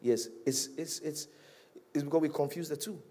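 A male pastor preaching a sermon, animated, rising to loud peaks and dropping to hushed, drawn-out lines. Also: fairly high pitch.

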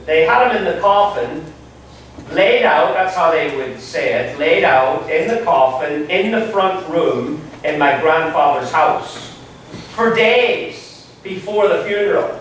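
A man, preaching a sermon with emphatic swings between loud rising lines and quiet low asides. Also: expressive, takes it slowly, recorded from a distance, slight background noise. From Ireland. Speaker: pastor. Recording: echoey hall, speaker off-mic.

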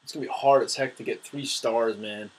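A young man giving casual, excitable commentary on his own gameplay, trash-talking his opponents. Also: mid-range voice, a little fast, poor audio.

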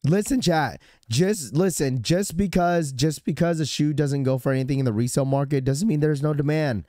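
A man with a hoarse, sore-throat voice hosting a sneaker livestream, talking to his chat in a casual, rambling way full of restarts. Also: a little high, normal speed, dark tone, dry recording, clean studio sound. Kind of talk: casual live-stream chat.

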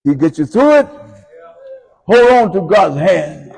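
A man with a fairly high, husky voice preaches in a folksy storytelling way, moving between quiet, low lines and loud, high shouts. His sermon rings out with the long reverb of a church hall. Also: sing-song, a little slow. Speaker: pastor. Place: church sanctuary.

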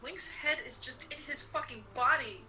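A woman's voice: sits high, normal speed, sharp tone, a little hiss or hum, low-quality recording. A young adult woman co-hosting a game stream with blunt, sarcastic, sweary commentary. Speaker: co-host of a let's play. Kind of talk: casual gameplay commentary. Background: game music.

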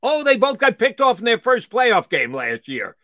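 Bright, dry-sounding sports radio host. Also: male voice, very high voice, moderate pace, dry recording. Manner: wry, animated, jokey asides. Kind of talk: casual sports talk.

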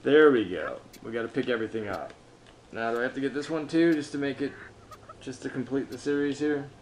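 A man's voice: fast talker, slight background noise. A man commentating his own gameplay, frustrated and swearing constantly, talking to himself. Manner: lively pitch, swings between muttering and yelling. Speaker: gameplay streamer.

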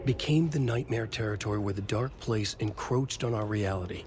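A grim horror narrator with a lowish, grave voice, as a man acts him out speaks in slow, measured, ominous lines from a video game. A clear hiss of background noise sits under the voice the whole time. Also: close to an everyday voice. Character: grim adult male narrator of a dark horror tale. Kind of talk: scripted narration.

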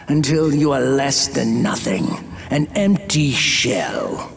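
A man voicing a malicious male demon in a low, menacing whisper, in a dark story narration. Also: gravelly, heavily acted. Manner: mocking, menacing. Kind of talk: audiobook-style story narration. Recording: faint background music.

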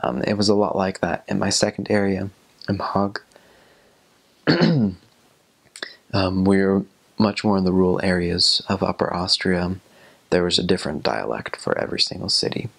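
Young man, very deep voice, gravelly, husky, casual chat, hesitant fillers. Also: animated, moderate pace, pauses often, fairly bright tone. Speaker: returned missionary.

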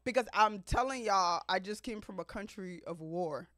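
A woman in her thirties from Africa, hosting a podcast and telling her life story to listeners in an expressive, chatty way, often laughing. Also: medium pitch, moderate pace, no echo, clean studio sound. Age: 30s. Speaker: podcast host. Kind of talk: personal storytelling monologue.

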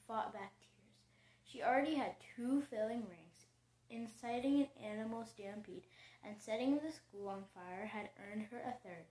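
A woman reading a young adult fantasy novel aloud, slowly and carefully, often restarting words. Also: medium pitch, darkish tone. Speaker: audiobook reader. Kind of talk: amateur storybook reading. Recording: echoey room.

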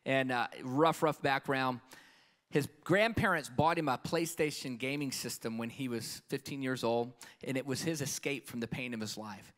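A male preacher giving a passionate sermon on a conference stage. His voice sits at an ordinary middle pitch and swings from urgent and loud to soft and hushed. He speaks into a handheld mic. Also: normal speed.

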